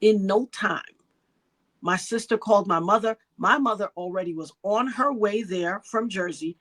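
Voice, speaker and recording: A mid-range, fairly bright voice at normal speed belongs to a middle-aged New York woman. As an interview guest, she gives an emotional first-hand account, taking on the voices of the people in her story.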